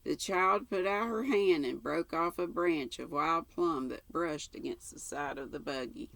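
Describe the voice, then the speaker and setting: An older woman reading a novel aloud in a calm, steady way, with a gravelly voice. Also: sits low, a little slow, hardly any pauses, no room sound. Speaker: storyteller.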